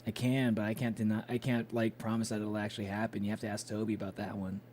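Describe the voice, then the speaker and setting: A man's voice: on the low side, level tone, quick pace, darkish tone, a little hiss or hum. A young man chatting casually with his live-stream chat, loose and swearing, with plenty of fillers.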